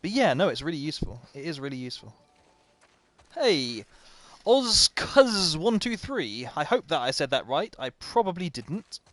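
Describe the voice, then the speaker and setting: A man's voice: on the high side, big pitch swings, brisk, no echo. A man commentating live as he plays a video game, chatty and self-mocking, often talking to the game itself. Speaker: game streamer.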